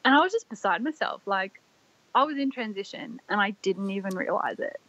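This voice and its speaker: A young Australian woman, a podcast guest, telling a personal story in a soft, rambling way full of "like" fillers. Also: medium pitch, lively intonation, fairly quick. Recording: dry, slightly dull lo-fi audio.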